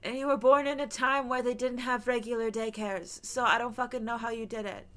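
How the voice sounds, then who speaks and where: A woman voice actor chatting casually while streaming a game, animated, laughing often and swearing freely. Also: a little high, fairly quick. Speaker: streamer playing a narrative game. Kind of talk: casual chat and reading game text aloud.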